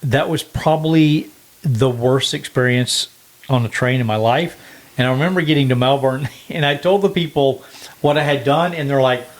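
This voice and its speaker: A man's voice: medium pitch, moderate pace. A man co-hosting a casual podcast, chatty and laughing at himself as he tells travel stories. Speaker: podcast co-host. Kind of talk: casual chat.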